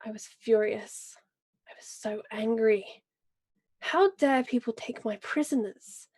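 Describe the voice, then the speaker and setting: A woman voicing a proud, vengeful noble lady and mother, speaking in a grave, measured and forceful way during a tabletop role-play. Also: on the high side, husky. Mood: fierce, earnest. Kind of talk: in-character role-play speech.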